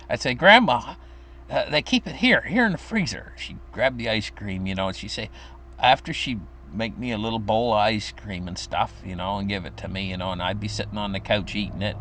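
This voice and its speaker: A man's voice: steady tone, a little fast, fairly bright tone. An older man casually telling a story from his childhood, rambling with fillers and restarts. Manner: acts out quoted voices in a high pitch.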